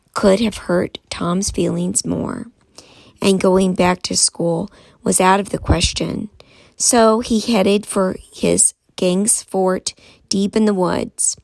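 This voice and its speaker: A woman reading a graphic novel aloud, soft-spoken and unhurried. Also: lowish voice, vocal fry, no room sound. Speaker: reader.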